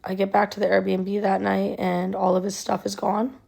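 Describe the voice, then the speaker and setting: A woman's voice: mid-range voice, completely flat delivery, normal speed, vocal fry, a little mellow, breathy edge. A young woman telling a personal story in a conversational way, with many ums and likes, her voice sounding emotional and near tears.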